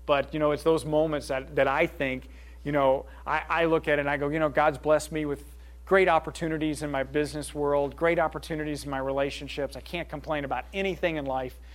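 A man's voice: a little high, flat delivery, a little fast. A middle-aged man speaking earnestly to a group, taking questions in a loose, conversational way and often checking in with his listeners. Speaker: speaker leading a group session. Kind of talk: informal talk with audience questions.

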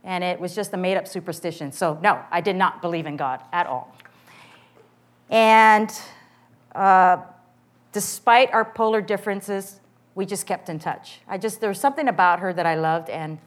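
A woman's voice: lowish voice, normal speed. A middle-aged woman giving an earnest, candid personal testimony before a church audience.

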